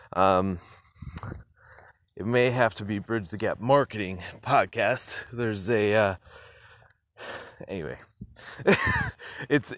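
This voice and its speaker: A man's voice: on the low side, no room sound. A man hosting his own podcast, talking casually and rambling off on tangents, chuckling often with plenty of fillers, recorded on a phone. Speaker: podcast host. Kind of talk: casual solo podcast monologue.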